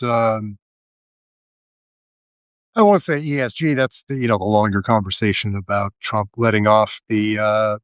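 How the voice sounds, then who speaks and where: A man hosting a live video, delivering a sardonic, halting political monologue full of fillers and restarts. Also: mid-range voice, dry recording. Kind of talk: casual political commentary monologue.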